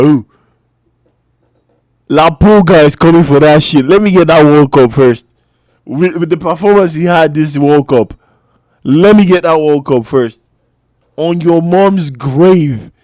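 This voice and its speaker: A man reacting to a football match as a fan, loud and trash-talking, with bursts of shouting. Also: a little high, no echo, clean studio sound.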